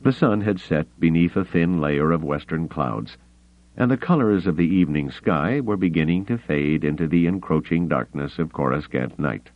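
A man narrating a novel as an audiobook, reading dramatically with measured pauses. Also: very deep voice, no echo. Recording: tinny phone-like audio.

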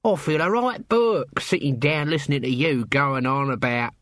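A man's voice: medium pitch, normal speed, a bit bright, no room sound, studio quality, close to an everyday voice. A man voicing a scruffy, cheeky corporal who grumbles and complains. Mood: grumbling.

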